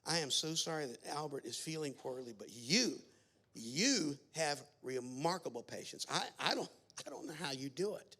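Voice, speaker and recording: A man's voice: a little high, animated, normal speed, bright, forceful tone, full character voice. A man voicing a kindly, fussy old woman shopper who dotes and sweet-talks. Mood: doting. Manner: doting, sweet-talking.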